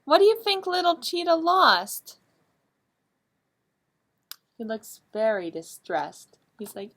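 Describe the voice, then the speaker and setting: A woman librarian reading a picture book aloud at children's story time, asking the young listeners animated, coaxing questions. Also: sits high, a little slow, pauses often, breathy edge. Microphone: streamed live.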